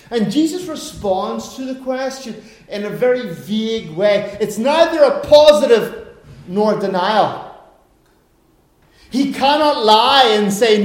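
A man's voice: extremely high pitch, lively intonation, slow. A man preaching a sermon earnestly, asking rhetorical questions, recorded in an echoey room.

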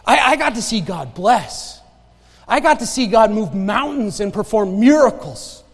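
A man's voice: high voice, very animated, measured pace. A man preaching a sermon in a church, telling stories in a conversational way with many restarts. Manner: conversational preaching, storytelling with laughs and repeated restarts. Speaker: pastor. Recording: church sanctuary with long reverb.

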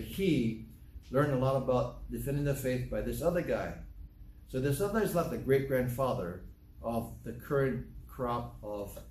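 A man's voice: mid-range voice, darkish tone, a little hiss or hum. An older man preaching a sermon emphatically, quoting scripture in old-fashioned English. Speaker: pastor. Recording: echoey room from a distance, faint ambience.

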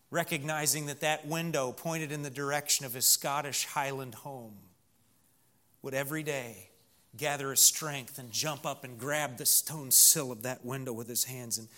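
Southern preacher, male, bright timbre, earnest sermon delivery that drops to a hush for stories. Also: mid-range voice. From Missouri. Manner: earnest, swings from loud emphasis to hushed storytelling.

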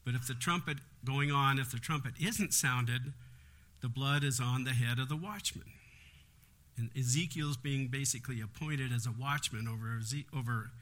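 A man's voice: medium pitch, moderate pace, a bit bright. A man leading a Bible study in an earnest, explanatory way, with frequent conversational asides.

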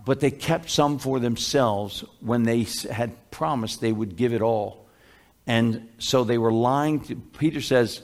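A man's voice: medium pitch, a little slow. A man preaching a sermon as a pastor, conversational, with many fillers and restarts.

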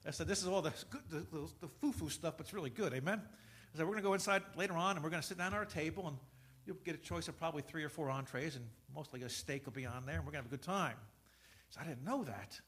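Middle-aged guy preaching, high bright voice, acts out little stories. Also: fast, slightly rough. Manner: storytelling, acts out dialogue, rises to emphatic preaching. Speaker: pastor. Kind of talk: sermon.

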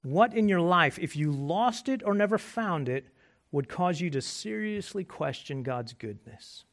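A man preaching a sermon as pastor, conversational and joking, moving between quiet asides and loud emphasis. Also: sits high, lively intonation, unhurried. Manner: conversational and self-deprecating humor.

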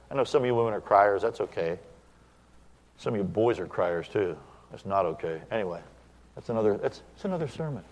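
A middle-aged man, a pastor, preaching a sermon, animated when he acts out quoted dialogue and quiet when he reflects. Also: fairly low pitch, brisk, big-room sound.

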